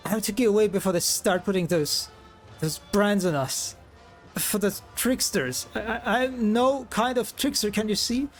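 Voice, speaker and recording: A man voicing a frightened lowborn laundry woman who pleads and stammers, reading game dialogue aloud on a live stream. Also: normal speed, soft background music, close to an everyday voice. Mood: pleading.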